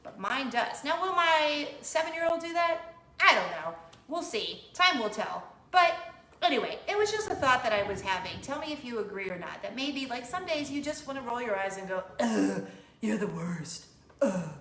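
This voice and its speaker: A woman's voice: high voice, sing-song, moderate pace, pushed and bright. Bubbly, giggly woman vlogger. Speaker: host, mother. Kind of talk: casual chat vlog. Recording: roomy room with faint hum.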